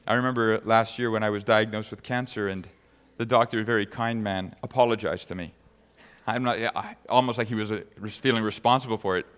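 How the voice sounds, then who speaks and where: A man's voice: lowish voice, fairly even intonation, fairly quick, fairly bright tone, smooth, long reverb tail. A man preaching a sermon as pastor, reading scripture aloud and then speaking conversationally to the congregation.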